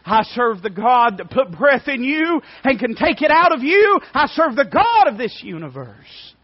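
A man's voice: very high-pitched, sing-song, measured pace, no echo, muffled recording, pitched above the performer's own voice, full character voice. A man preaching, voicing a young shepherd hero who defies a giant with rising passion. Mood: fervent. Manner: rising to impassioned shouting.

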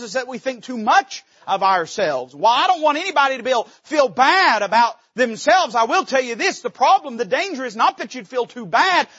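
A middle-aged man, a pastor preaching a sermon from the pulpit, swinging from loud, rising climaxes to hushed, low lines. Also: slightly rough, dry recording, dull audio. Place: church sanctuary.

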